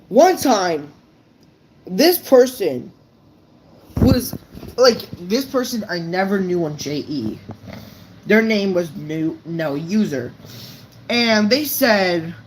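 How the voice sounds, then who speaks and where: A woman's voice: medium pitch, slight background noise, poor audio. A woman vlogger ranting unscripted to her viewers, blunt and profane, stumbling over her words. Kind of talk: unscripted rant to camera.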